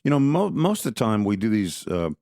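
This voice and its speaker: On a podcast, a male co-host with a deep, low, mellow voice talks politics casually, very animated and fairly quick. He's conversational and opinionated, often halting to restart a phrase, and the recording is dry and close.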